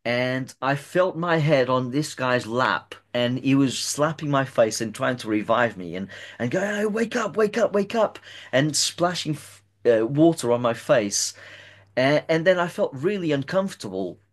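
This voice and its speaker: A man in an interview tells a long personal story. His voice sits at an ordinary middle pitch. He talks in a halting way, often stumbling and repeating words as he goes. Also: lively intonation.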